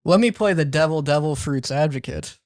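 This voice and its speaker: A man's voice: fairly high pitch, a little fast, darkish tone, dry recording, studio quality. A man co-hosting a podcast, chatting casually and cracking playful jokes. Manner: joking, playful. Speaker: podcast co-host. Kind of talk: casual chat.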